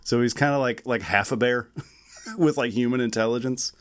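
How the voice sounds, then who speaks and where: A man co-hosting a podcast, chatting casually in a relaxed, rambling way and laughing often. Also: medium pitch, moderate pace. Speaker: podcast co-host. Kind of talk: casual chat.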